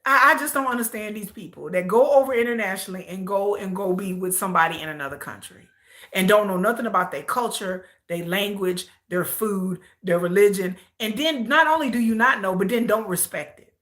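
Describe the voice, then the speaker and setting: Reacting to a reality show on her casual livestream, this American host speaks in a medium pitch, fairly quickly and a bit brightly. She is outspoken and incredulous, ranting and mockingly imitating the people she watches.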